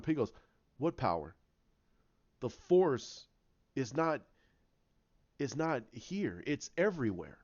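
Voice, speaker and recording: A man casually retelling his own story idea, rambling with many restarts and acting out the quotes in a lower voice. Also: darkish tone. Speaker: fan commentator. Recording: dull lo-fi sound.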